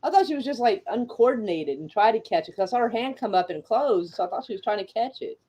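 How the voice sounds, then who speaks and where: A woman's voice: on the high side, animated, quick pace, dark tone. A woman streamer chatting casually about an old comedy film, laughing often and swearing freely. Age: adult. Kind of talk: casual chat.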